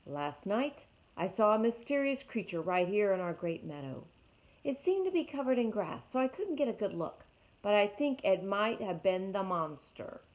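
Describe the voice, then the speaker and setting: A woman's voice: big pitch swings, moderate pace, lightly acted. A woman voicing a fussy, alarmed male owl who screeches, read from a storybook. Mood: announcing. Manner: shrill, screeching. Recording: tinny phone-like audio.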